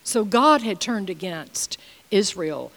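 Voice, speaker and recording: A woman's voice: medium pitch, lively intonation, takes it slowly, fairly bright tone, long reverb tail. A middle-aged woman teaching from the Bible, reading scripture and sharing personal stories in an earnest, conversational way.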